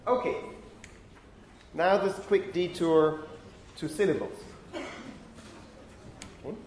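A man's voice: fairly high pitch, slow pace, a little mellow. A man lecturing on phonetics in a lecture hall, punctuating points with "okay?" and scolding talkative students. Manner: frequent "okay?" checks, stern with chatty students. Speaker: university lecturer. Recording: echoey lecture hall, faint room noise.

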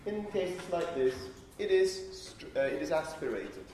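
A man's voice: on the high side, expressive, a little slow, darkish tone. A male lecturer explaining phonetics to a class, thinking aloud and often checking in with the students. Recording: echoey classroom with faint ambient noise.

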